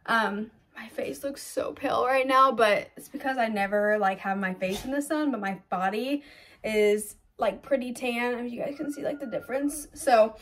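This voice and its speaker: A young woman vlogging casually, talking fast and filling with "like" and "um", filmed on a phone in her car and later on a tripod at home. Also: a little high, a bit bright, a little hiss or hum. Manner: fast, chatty, lots of "like" and "um". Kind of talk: casual vlog chat. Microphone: phone camera, then on a tripod.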